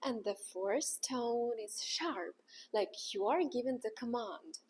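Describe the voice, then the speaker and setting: A woman teaching in a scripted lesson, acting out each sound with exaggerated pitch. She speaks slowly, and her breathy voice sits on the higher side. Her intonation swings widely. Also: lively intonation, a little mellow. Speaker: language teacher.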